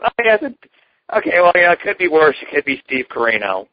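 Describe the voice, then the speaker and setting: A man rattles off blunt, crude opinions at a fast clip as a podcast co-host. The sound is dull and lo-fi, and it is bone dry. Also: on the high side, very animated, no room sound. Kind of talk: casual wrestling talk show chat.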